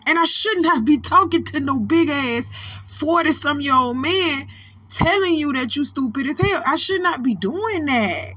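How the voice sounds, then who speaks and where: A woman's voice: high-pitched, expressive, unhurried, sharp tone. A woman in her thirties hosting a celebrity gossip channel, scolding famous people directly in a preachy, profane, no-nonsense way. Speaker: host of a gossip commentary channel. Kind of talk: blunt celebrity gossip commentary.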